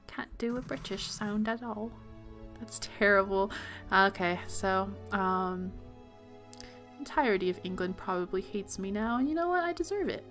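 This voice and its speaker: A woman's voice: medium pitch, normal speed, a bit bright, faint music behind. A young woman giving let's play commentary, reading game text aloud and reacting with worried exclamations. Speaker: gaming video host.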